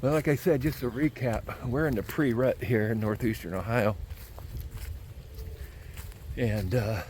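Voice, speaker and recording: A man hosting a deer hunting vlog outdoors in the woods, talking casually in a rambling way that repeats phrases with many pauses. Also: medium pitch, a little mellow, slight background noise. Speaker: deer hunting channel host.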